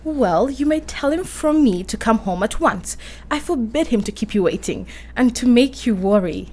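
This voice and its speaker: A woman playing a young English lady in a radio play, girlish and breathless, her voice sitting a touch high. She sounds easily flustered and quick to feel. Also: expressive, darkish tone. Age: young adult.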